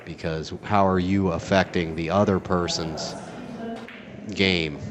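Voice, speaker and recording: A man with a deep, low voice calls a pool match at a tournament venue. His play-by-play is casual and excitable, full of jokes and rambling side tangents. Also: takes it slowly, background noise. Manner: rambling, joking, excitable asides.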